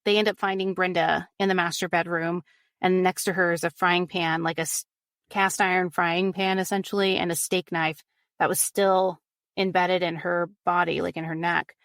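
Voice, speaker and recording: A woman telling a true crime case on a podcast in a casual, animated way, filled with "like" and "you know". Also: lowish voice, normal speed, no room sound, studio quality. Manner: animated retelling, frequent "like" and "you know", acts out quotes. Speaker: podcast guest recounting a case.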